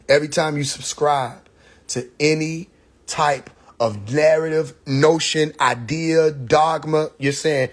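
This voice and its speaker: A man's voice: fairly high pitch, fairly even intonation, moderate pace. A man, hosting a casual livestream monologue, storytelling animatedly and mimicking mocking voices. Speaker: livestream host. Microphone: phone or computer mic on a live stream.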